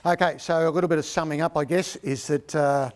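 A middle-aged Australian-accented man gives a casual, storytelling book talk, rambling and restarting while tagging lines with "right?" over and over. His chatty voice is a little high and steady, at a fairly quick pace.

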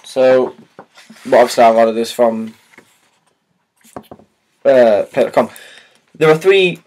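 A man's voice: mid-range voice, lively intonation, takes it slowly, darkish tone. A man chatting casually and hesitantly as he unboxes and shows a new book, with many fillers and restarts. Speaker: vlogger.

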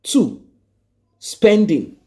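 A man's voice: sits high, very animated, very slow, warm tone. A man giving emphatic news commentary, stressing points by repeating them and asking rhetorical questions.

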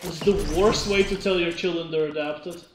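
A streamer in loud, excitable live gameplay chat, laughing and swearing often. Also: mid-range voice, normal speed, reverberant, noisy background.

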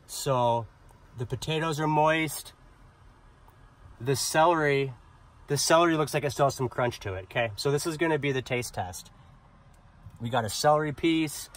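A man's voice: on the high side, normal speed, long pauses, fairly bright tone. Chatty young man cooking in a van. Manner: chatty, enthusiastic, talks to viewers directly. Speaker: van life vlogger. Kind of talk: casual cooking vlog. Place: camper van at a campsite.

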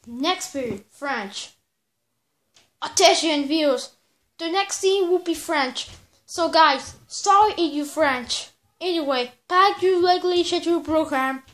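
A woman's voice: high voice, a little slow, a bit bright. A woman narrating a homemade fan story in a casual, rambling way, often stumbling over her words. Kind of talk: casual storytelling with character voices.

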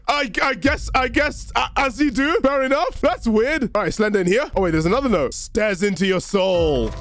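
A young man doing let's-play commentary on a horror game, with a high, lively voice that leaps around. He is excitable and jokey and fires off quick reactions and shouts. Faint music plays behind him. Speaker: gaming YouTuber.

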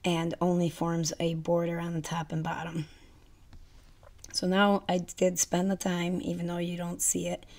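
A woman's voice: lowish voice, vocal fry, darkish tone. A woman with a stuffy nose hosting a card-making channel, chatting casually as she explains each step in a crafting tutorial voice-over.

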